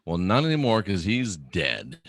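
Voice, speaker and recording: A man's voice: sits low, very animated, measured pace, no echo, studio quality. A man hosting a casual livestream, musing aloud and reading viewer comments. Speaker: livestream host.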